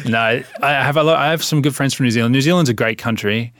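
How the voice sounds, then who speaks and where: An Australian man in a relaxed interview, laughing often and explaining with spoken examples. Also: medium pitch, fast talker, no echo, clean studio sound. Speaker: guest. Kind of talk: casual interview chat.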